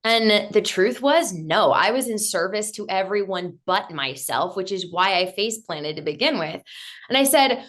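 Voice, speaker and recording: A woman in her late thirties, talking as a guest in an interview. She tells her own story candidly and with lively energy, and she slips into acting out what she thought back then. Her voice sits at a middle pitch for a woman. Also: measured pace. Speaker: podcast guest.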